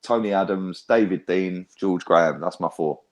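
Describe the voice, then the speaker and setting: Sweary, animated young man. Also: low-pitched, moderate pace. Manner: loud, sweary, animated ranting. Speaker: fan channel host. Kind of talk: heated casual fan chat.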